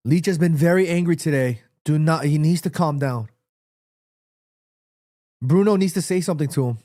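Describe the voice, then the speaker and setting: A man commentating live on a football match for his stream, reacting excitedly and shouting at players. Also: a little high, no echo, studio quality. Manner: repeats himself, quick restarts. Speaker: watchalong streamer.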